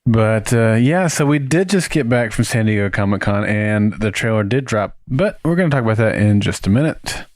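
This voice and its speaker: A man's voice: on the low side, normal speed, hardly any pauses, dry recording. Jokey male podcast host, dry close mic. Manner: jokey, animated recapping. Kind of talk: casual podcast chat.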